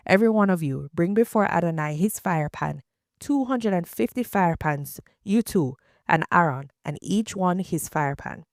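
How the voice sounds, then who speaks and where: A woman reading the lines of an aging male prophet who gives his people stern, measured commands. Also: lowish voice, lively intonation, no echo, studio quality. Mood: commanding.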